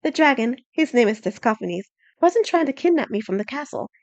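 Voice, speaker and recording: An earnest young princess speaks in a lifted, pleading voice, as a woman narrator plays her. She sounds high and clear over a dry, close home recording. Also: animated, fairly quick, no echo.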